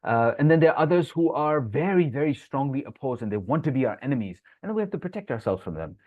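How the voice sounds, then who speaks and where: A man leads a live online Quran lesson at a brisk pace. He recites Arabic verses quickly, then explains them and picks up viewers' comments from the chat. His voice sounds thin and phone-like, dry with no room echo. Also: mid-range voice, very animated. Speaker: Islamic teacher.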